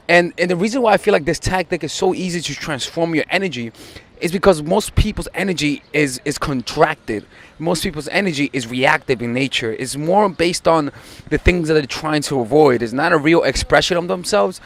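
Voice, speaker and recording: Male dating coach, voice a bit high, earnest and insistent, stumbles over repeated words. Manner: repeats words often when excited. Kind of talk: advice video to camera.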